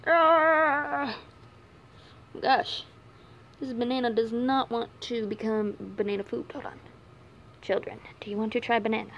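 A woman's voice: little pitch movement, normal speed, muffled recording, slight background noise. A young woman vlogging at home by a bunny cage. She talks casually to her viewers and coos and scolds the pets in a sing-song voice, with the camera resting on her knees. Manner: chatty, coos and scolds pet bunnies in a high sing-song voice. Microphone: handheld camera set on her knees.

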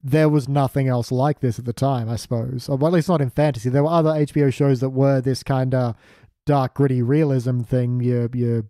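A man co-hosting a podcast in a relaxed, chatty way, his voice mellow and warm. He sits in the middle pitch range for a man and sounds close and dry, with no room around him. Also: a little fast, dry recording. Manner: relaxed, chatty, reads the show's plug in a mock announcer voice. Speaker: podcast co-host. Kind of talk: casual chat.

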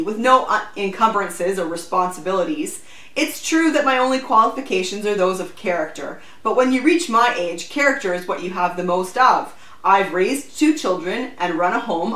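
A woman's voice: mid-range voice, reverberant, natural voice, rough recording. A woman voicing an earnest older lady volunteer. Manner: earnest, gently insistent. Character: elderly widow eager to be a spy.

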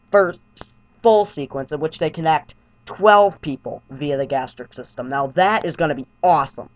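Deadpan man gushing in a lo-fi vlog. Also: a little high. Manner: deadpan, over-the-top praise, repeats himself. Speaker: amateur movie reviewer. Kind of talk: mock-gushing movie review vlog. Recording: dull lo-fi home recording.

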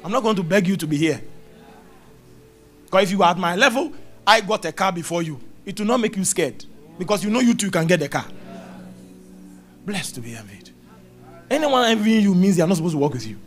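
A man's voice: high-pitched, animated, fast talker, soft background music. A middle-aged man preaching a sermon at a church service, emphatic and repetitive, quoting scripture. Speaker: pastor.

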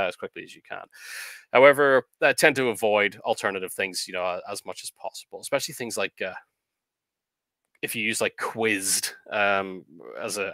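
A man with a fairly low voice and a bright, forward tone talks through editing advice in a measured, explanatory way, often pausing on ums and uhs. The sound is dry and close, with little room around it. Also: no room sound. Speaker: co-host of a writing advice show. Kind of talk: casual discussion on editing fiction.

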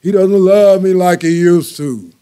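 A man's voice: measured pace, mellow, clear, resonant tone. A man doing a whiny complaining wife. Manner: high, plaintive and whiny. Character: complaining wife, middle-aged woman.

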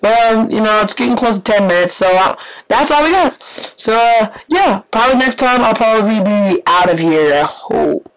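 A gaming channel host giving rambling, excitable live gameplay commentary, jumping between yelps and hushed whispers. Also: mid-range voice, moderate pace, low-quality recording. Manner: yawning, offhand chatter with many fillers.

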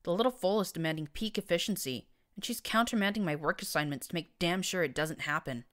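A woman's voice: on the low side, fast talker, a bit bright, lightly acted. Woman doing a blunt old gray mare boss. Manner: dry, blunt, matter-of-fact. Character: older gray mare, gruff maintenance boss.

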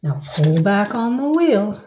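A woman voicing a stern male radio controller in a storybook reading, giving slow careful instructions. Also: mid-range voice, big pitch swings, mellow, a little hiss or hum. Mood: instructive. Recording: echoey, slightly dull room sound.

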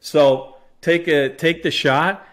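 Animated storytelling man, slightly high voice. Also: slow. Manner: animated, acts out voices in anecdotes. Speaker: podcast co-host. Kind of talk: casual storytelling chat.

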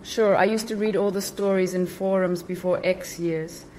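A woman's voice: medium pitch, fairly even intonation, normal speed, mellow, slight background noise. Emphatic woman explaining in casual talk. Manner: emphatic, repeats for stress, awkward phrasing. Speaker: spiritual channel host.

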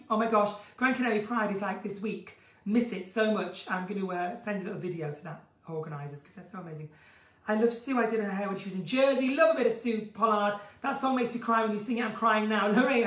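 Talking quickly in a croaky, mid-range voice, the woman runs an unscripted live stream from her countryside home, gushing over viewers' comments and now and then breaking into song with flamboyant flair. Set a bit away, the phone makes her sound distant and roomy.

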